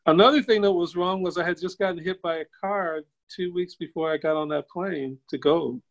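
An older man, a guest on a video call, tells a personal story in a casual way. He acts out the quoted voices with sudden jumps up in pitch and chuckles as he goes. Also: a little fast, gravelly, lo-fi sound. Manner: chuckles while telling. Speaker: interview guest.

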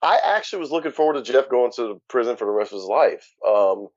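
Fast and animated, this man's medium-pitched voice carries frank, conversational storytelling as an interview guest, with swearing and occasional laughs at dark moments. There's no echo, though the podcast audio sounds dull and muffled.

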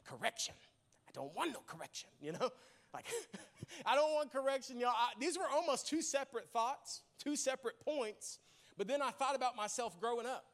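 A young man preaching in church, telling funny stories about his childhood and calling out to the congregation, laughing often. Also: very high voice. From Arkansas. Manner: lively, humorous, laughs often, addresses congregation directly. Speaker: pastor. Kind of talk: sermon with storytelling.

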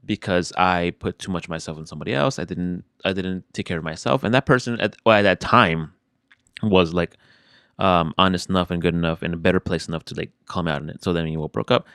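A man's voice: sits low, fast, creaky, a bit bright, smooth, no room sound, studio quality. A young adult man in casual chat, talking frankly and profanely about feelings, often restarting his sentences.

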